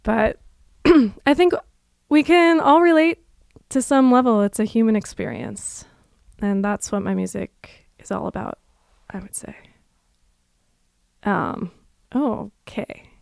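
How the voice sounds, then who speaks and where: A young adult woman, a musician, chatting casually and reflectively on a livestream, with frequent fillers and soft laughs. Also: on the high side, slow pace, creaky, long pauses, clean tone, no echo, studio quality.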